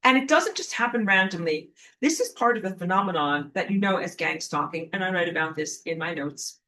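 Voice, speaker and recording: A woman talking alone to camera, telling a personal story and acting out quotes loudly. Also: lowish voice, a little fast. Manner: animated, acts out quotes in a raised voice. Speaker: online teacher. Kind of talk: casual monologue to camera.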